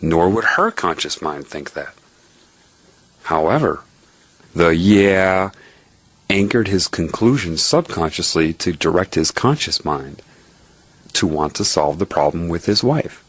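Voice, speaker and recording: Man, very low husky voice, dry close sound, earnest spiritual storyteller. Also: big pitch swings, unhurried, fairly bright tone, dry recording. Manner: earnest, explanatory, tags points with "right?". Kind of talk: spiritual monologue told as a personal story.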